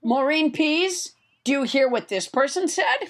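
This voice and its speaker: A woman hosting a comedy podcast, rambling and giggly, with halting restarts. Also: high voice, lively intonation. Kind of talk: comedic banter.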